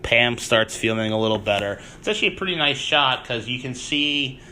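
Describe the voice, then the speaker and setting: A man's voice: mid-range voice, animated, fairly quick, pushed and bright, slight background noise. A man hosting a podcast, recapping an episode in a chatty way and laughing often. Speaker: podcast host.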